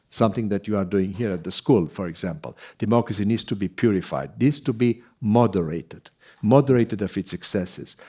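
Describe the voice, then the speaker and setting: A man speaking as a guest scholar in an academic conversation, thoughtful and halting, with many fillers and restarts. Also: fairly low pitch, warm tone, husky.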